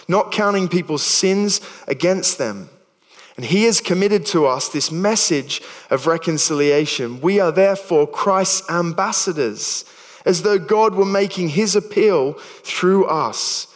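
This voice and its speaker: A man's voice: high voice, measured pace, long reverb tail. A man in his thirties with an Australian accent, preaching a sermon in a chatty, stumbling way with self-deprecating jokes. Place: church hall.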